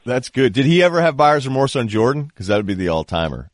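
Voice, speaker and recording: A man hosting a podcast, chatting casually with relaxed interjections and follow-up questions. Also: medium pitch, fast talker, no echo, clean studio sound. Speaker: podcast host. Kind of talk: casual chat.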